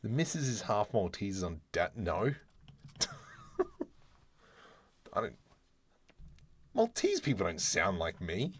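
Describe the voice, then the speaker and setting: On the low side and husky, this man's voice is very animated yet slow, with long pauses. An Australian streamer from Adelaide, he jokes and chats while talking himself through a live 3D modeling tutorial.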